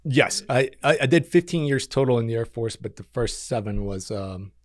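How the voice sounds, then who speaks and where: A man's voice: medium pitch, normal speed, dry recording, studio quality. A man in his thirties, a podcast guest and former combat controller, telling stories casually with lots of fillers and acted-out quotes. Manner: animated storyteller, acts out quotes, frequent fillers. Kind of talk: casual storytelling interview.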